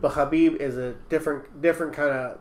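Casting: chatty podcast guy, slightly high voice, trails off and laughs. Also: fairly even intonation, fairly quick, roomy sound, noisy background. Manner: rambling, laughs between lines. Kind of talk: casual podcast chat.

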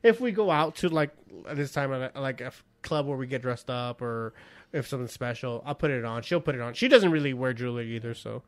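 Animated, swearing storyteller man. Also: mid-range voice, brisk. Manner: animated storyteller who acts out quotes, swears freely, laughs often. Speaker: podcast co-host. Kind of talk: casual storytelling chat.

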